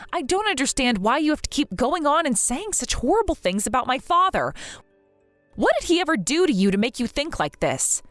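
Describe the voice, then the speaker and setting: A woman's voice: fairly high pitch, fairly bright tone, no echo. A woman voicing a grieving young wife who speaks in an earnest, pleading way in a dramatized story.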